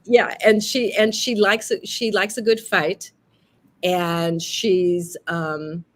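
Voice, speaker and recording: A middle-aged woman, an actress and teacher, telling lively stories in a casual interview and acting out what others said. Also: on the low side, takes it slowly. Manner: lively storytelling, quotes others in acted voices.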